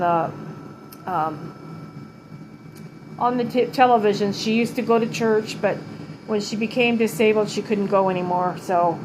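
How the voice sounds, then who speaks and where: A middle-aged woman giving a tribute to her late mother at home, halting and holding back tears, with many pauses and restarts. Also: mid-range voice, background noise. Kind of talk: emotional personal vlog.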